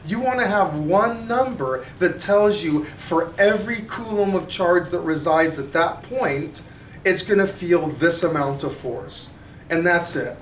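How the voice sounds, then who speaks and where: A male high school physics teacher giving a lively, joking classroom lecture, recorded by a camera at the back of the room. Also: a little slow, a little hiss or hum. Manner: animated, jokey, acts out customer voices. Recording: roomy classroom audio from a distance.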